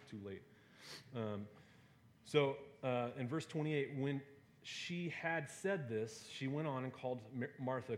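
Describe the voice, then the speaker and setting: A man's voice: medium pitch, a little hiss or hum. Casual man preaching a sermon. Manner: conversational, with fillers and playful asides.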